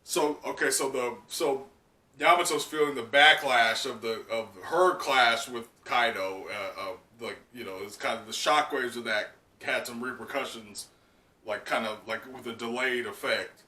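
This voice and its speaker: A man's voice: mid-range voice, moderate pace, bright, forceful tone. A man hosting a live comic reaction, talking casually with laughs and many fillers. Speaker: host. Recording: echoey room, distant mic.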